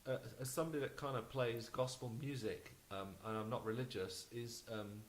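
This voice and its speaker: A man's voice: mid-range voice, normal speed, slight background noise, poor audio. A man speaking as an interview guest, chatty and easygoing, with frequent restarts. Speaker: guest musician. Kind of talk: casual interview chat.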